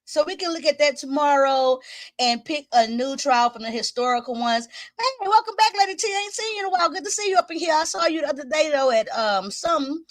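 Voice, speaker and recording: A high-voiced woman hosts a home livestream in a chatty, loose way. She greets her viewers by name and laughs often, and she sounds slightly winded. Her voice is recorded close and dry, with no room echo. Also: expressive, brisk. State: a little winded. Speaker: host of a livestream commenting on trials. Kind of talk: casual livestream chat with viewers.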